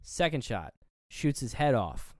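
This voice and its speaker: A man's voice: medium pitch, big pitch swings, unhurried, dry recording, clean studio sound. A man co-hosting a casual movie review podcast, retelling scenes play by play and acting out characters' lines. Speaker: podcast co-host.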